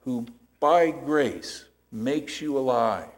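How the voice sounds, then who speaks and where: A man's voice: mid-range voice, animated, slow. A man preaching a sermon as pastor, explaining scripture step by step and checking in with rhetorical questions.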